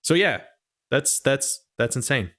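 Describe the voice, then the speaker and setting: A man co-hosting a podcast, chatting casually in a quick, talkative way and laughing often. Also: mid-range voice, expressive, bright, forceful tone. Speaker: podcast co-host.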